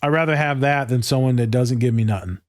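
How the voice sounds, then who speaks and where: A man's voice: mid-range voice, fast talker, no room sound, studio quality. A man in casual podcast chat, loose and candid, swearing freely and acting out conversations. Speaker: podcast co-host.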